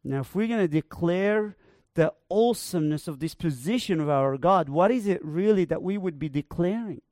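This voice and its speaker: A man preaching a sermon, building to emphatic proclamations with slow, repeated phrases. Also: high-pitched, expressive, a little mellow, no echo, studio quality.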